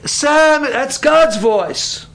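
A man's voice: very high voice, animated, drawn-out words, a bit bright, voice pushed up, full character voice. A man voicing an eager young boy who speaks earnestly and insistently.

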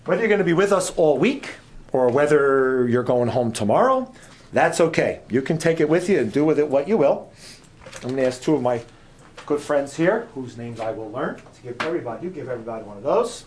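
A man's voice: medium pitch, expressive, a little fast. A man giving an informal sermon as a guest preacher in a church, chatty and joking, often repeating his phrases.

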